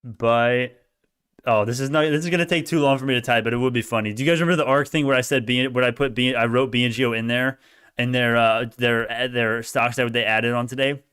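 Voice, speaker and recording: A man hosts a live stock commentary stream, chatting with viewers in a steady, brisk voice that's medium-pitched, clear, and resonant. He alternates between mumbled asides and loud cheering, laughing often and arguing back at comments.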